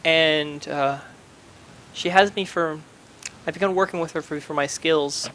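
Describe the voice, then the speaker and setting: A man with a bright, fairly high voice narrates a tabletop game as game master. He talks loosely, stopping and restarting, with lots of ums, while a faint hum sits under the recording. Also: fairly even intonation, unhurried.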